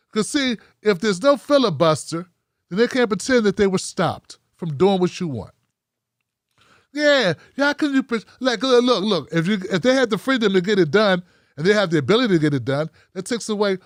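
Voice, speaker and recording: A man hosting a live call-in show, talking in an animated, profane, joking way. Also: sits high, brisk, dry recording, studio quality. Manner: animated, profane, jokey impressions. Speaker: host taking calls.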